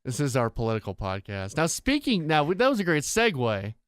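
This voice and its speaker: A man's voice: fairly high pitch, wildly swooping pitch, fairly quick, smooth, no echo. A young man co-hosting a podcast, chatting casually with playful, mock-grand repetition. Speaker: podcast co-host. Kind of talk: casual joking chat.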